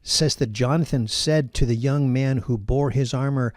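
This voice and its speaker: A male pastor giving an earnest, encouraging sermon in a steady teaching voice. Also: mid-range voice, normal speed, few pauses, dry recording, studio quality.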